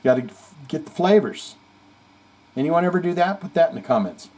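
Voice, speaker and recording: A man's voice: a little high, very animated, a little fast, darkish tone. A man hosting a casual heavy metal chat stream, reading viewer comments aloud with jokey asides. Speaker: host.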